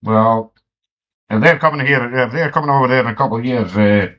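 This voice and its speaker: A man's voice: mid-range voice, brisk. A Scottish man rambling and joking through a spoken letter to family at home. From Scotland. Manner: rambling, joking, self-mocking. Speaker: cassette letter writer. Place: home living room with friends. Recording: dull lo-fi home cassette.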